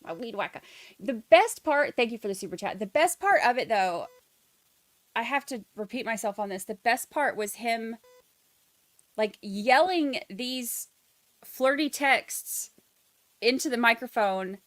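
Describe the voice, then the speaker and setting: A young Southern woman hosts a casual livestream, rambling through her thoughts and reading out viewer comments. Her voice sits fairly high and comes across dry and close, with no room echo at all. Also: lively intonation, measured pace. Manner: chatty, reads viewer comments aloud, rambling. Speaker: livestream host.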